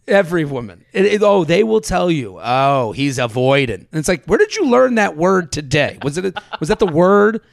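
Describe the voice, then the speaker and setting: High-voiced, gravelly podcast host. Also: male voice, lively intonation, no echo, clean studio sound. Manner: fast-talking, profane, self-mocking. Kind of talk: casual podcast chat.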